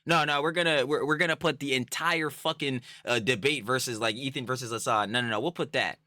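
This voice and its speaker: A man's voice: medium pitch, a little fast, pushed and bright, dry recording, studio quality. A man doing casual reaction commentary, ranting in a profane, rambling, slangy way. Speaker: commentary YouTuber.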